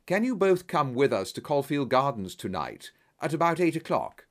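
A man voicing a calm male detective who speaks in a measured, firm way. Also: mid-range voice, close to an everyday voice. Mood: explaining.

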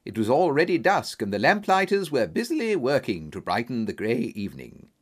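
Lively man narrating a story. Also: fairly quick. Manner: steady storytelling, animated pitch. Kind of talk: scripted audiobook narration.

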